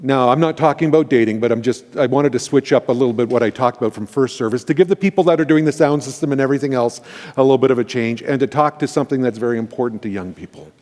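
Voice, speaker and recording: A middle-aged male pastor telling a personal story in a sermon, animated and candid, with self-deprecating asides. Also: mid-range voice, quick pace. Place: church sanctuary. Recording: reverberant church hall.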